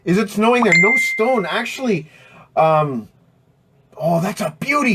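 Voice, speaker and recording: A man's voice: high voice, lively intonation, slow, pushed and bright, slightly rough. A man hosting a live stream from indoors, chatting casually and joking while he answers viewer questions. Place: indoors next to a window.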